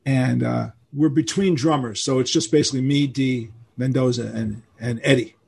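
Gravelly older man telling stories. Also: medium pitch, normal speed. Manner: animated storyteller who acts out quoted voices. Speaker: interview guest, rock musician. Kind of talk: casual storytelling interview.

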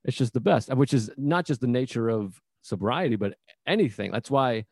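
A man talking candidly in a casual chat, animated and often swearing. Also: mid-range voice, normal speed, dry recording, clean studio sound. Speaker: comedian.

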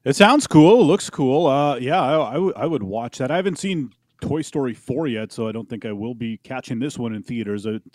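A man giving a casual movie review, relaxed and thinking aloud. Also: mid-range voice, a little fast, hardly any pauses.

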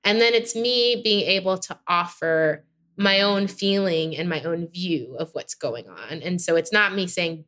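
A woman guest on a podcast, telling a personal story with animated acted-out dialogue. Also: on the low side, unhurried. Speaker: podcast guest, friendship expert. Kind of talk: casual conversational interview.

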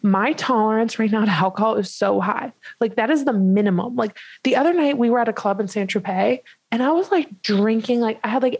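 A woman in her twenties telling a funny story in casual chat as a podcast co-host, animated and full of "like" fillers. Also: fairly high pitch, no echo, poor audio. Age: 20s. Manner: animated, many "like" fillers, laughs while telling.

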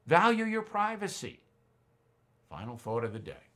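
A man hosting a show, telling an animated, indignant story and acting out both sides of the exchange. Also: a little high, moderate pace. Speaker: show host. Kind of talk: animated anecdote monologue.

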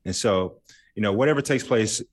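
A man's voice: on the low side, normal speed. A man co-hosting a casual chat, playful and jokey, laughing as he imitates his friends. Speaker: podcast co-host.

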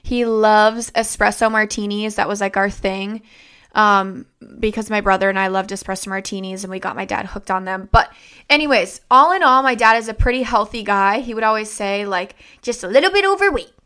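Bright, clear-voiced young woman storytelling. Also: mid-range voice, fairly even intonation, moderate pace. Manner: rambling and conversational, with many fillers and restarts. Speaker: vlogger. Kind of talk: casual personal storytelling.

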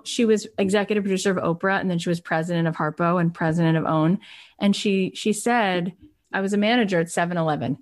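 A woman podcast host and business coach giving an emotional, effusive motivational talk, peppered with "right?" and "you guys". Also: medium pitch.

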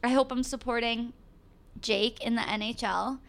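A woman in her twenties, a podcast guest talking excitedly in a casual interview, with lots of "like" fillers. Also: a little high, moderate pace, creaky, smooth. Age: 20s. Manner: gushing, excited, heavy use of "like". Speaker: podcast guest, show host.

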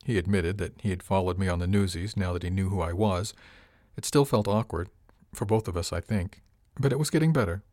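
A man reading a first-person novel as an audiobook, measured and even. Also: low-pitched, no echo, clean studio sound. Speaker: audiobook narrator.

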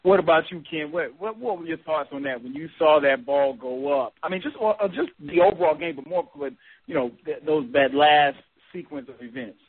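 A man hosting a sports podcast, leading the talk in a relaxed way and asking questions. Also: on the high side, brisk, slightly rough. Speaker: podcast host. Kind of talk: casual sports chat. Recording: tinny phone-like sound.

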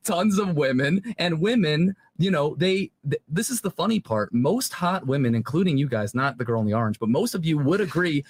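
A man's voice: on the high side, lively intonation, normal speed, hardly any pauses, slightly rough, no echo. Brash, teasing man on a podcast. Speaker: podcast guest. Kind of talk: casual podcast debate.

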